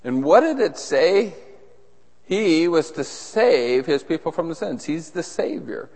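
A man's voice: on the high side, very animated, measured pace, a little mellow. Man preaching in a reverberant hall. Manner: teaching, asks the audience questions. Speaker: pastor. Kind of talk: sermon. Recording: long reverb of a large hall.

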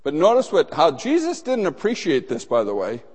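A man's voice: a little high, huge pitch swings, moderate pace, a little mellow, husky. A man preaching a sermon, emphatic, acting out the dialogue of the people in his story. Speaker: pastor. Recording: long hall reverb.

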